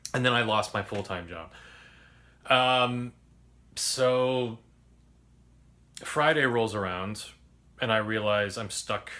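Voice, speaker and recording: A man's voice: fairly low pitch, sharp tone. A man casually telling a personal story as a podcast host, candid and rambling, swearing freely.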